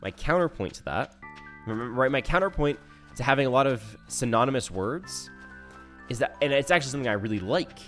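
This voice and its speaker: A man streaming a game live, talking casually in a rambling, self-interrupting way full of restarts, swinging from soft mumbles to loud outbursts. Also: mid-range voice, lively intonation, a little fast, soft background music. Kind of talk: casual live-stream chat while gaming.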